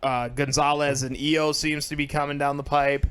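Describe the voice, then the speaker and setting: A man's voice: a little high, level tone, normal speed, fairly bright tone, a little hiss or hum. A man co-hosting a casual podcast, rambling and restarting his sentences as he chats. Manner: rambling, lots of fillers and restarts, laughs easily. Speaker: podcast co-host. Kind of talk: casual chat.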